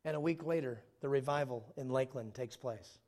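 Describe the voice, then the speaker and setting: A man preaching a sermon in a church, telling stories with jokes in an animated way. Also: mid-range voice, a little fast.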